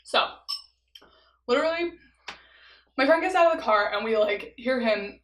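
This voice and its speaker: A woman's voice: on the high side, lively intonation, normal speed, echoey room, rough recording. Chatty young woman, lots of "like". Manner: chatty, heavy use of "like", laughs often. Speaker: vlogger. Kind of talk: casual storytelling mukbang.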